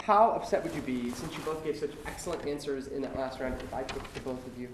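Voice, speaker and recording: A man's voice: medium pitch, quick pace, background noise. Flustered young man, rambling dating-show contestant. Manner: rambling, flustered, stammering restarts. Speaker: bachelor contestant. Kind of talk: comedic dating game show.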